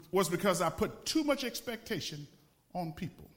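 A man's voice: sits high, big pitch swings, moderate pace. A man preaching a sermon, a pastor from the Los Angeles area, telling a story with laughs and repeated phrases for emphasis.

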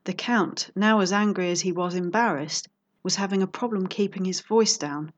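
A woman narrating a fan story in an even, measured reading voice. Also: mid-range voice. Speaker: audiobook reader.

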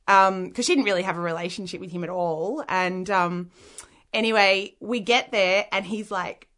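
A woman's voice: fairly low pitch, moderate pace, sharp tone. A woman with an Australian accent, an interview guest telling a personal story in a frank, rambling way with many "like" fillers.

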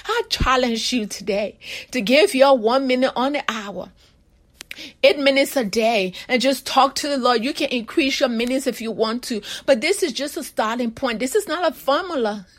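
Female preacher, high-pitched, earnest exhortation, slows down for emphasis. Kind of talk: sermon.

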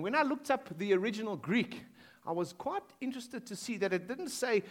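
A man preaching a sermon in a school hall, shifting between loud emphatic lines and hushed quoted lines. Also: high voice, lively intonation, brisk. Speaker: pastor.

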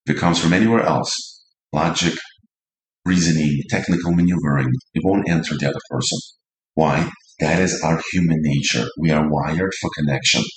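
A man's voice: a bass voice, normal speed, echoey room, a little hiss or hum, poor audio. A man teaching couples about mirroring, earnest and demonstrating tones with acted-out examples. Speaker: relationship coach.

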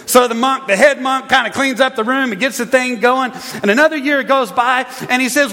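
A man preaching a sermon as pastor, animated, acting out grumbling voices for laughs. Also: very high-pitched, brisk, hardly any pauses. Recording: long hall reverb.

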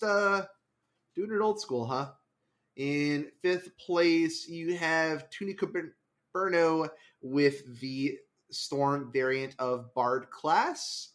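A man hosting a casual card game podcast, animated, laughing often and quickly correcting himself. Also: fairly high pitch. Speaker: podcast host. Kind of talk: casual chat about card game results.

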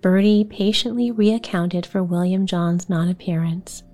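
Hushed woman reading a bedtime story. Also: lowish voice, steady tone, soft background music. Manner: hushed, slow and soothing. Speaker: sleep podcast narrator.

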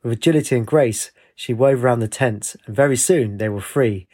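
A man narrating a fantasy story with a measured, expressive reading. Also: mid-range voice.

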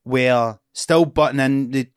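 Scottish man, young adult, comedian, sweary animated storytelling, dry studio sound. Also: mid-range voice, slow pace, smooth, no echo. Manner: sweary, animated anecdote-telling. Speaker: comedian and podcast co-host. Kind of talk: casual chat, storytelling. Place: podcast studio.

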